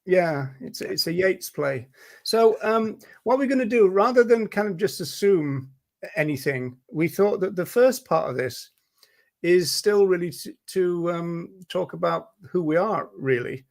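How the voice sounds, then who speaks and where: An older man hosting a casual conversation, wry and quick with a joke. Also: high-pitched, animated, vocal fry. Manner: wry and joking. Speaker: host.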